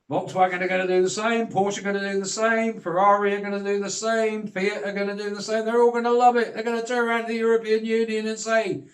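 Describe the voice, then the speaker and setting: A man's voice: high-pitched, a little fast, reverberant. An older British man delivering a blunt, sweary, heated rant straight to camera. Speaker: vlogger. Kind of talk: ranting monologue.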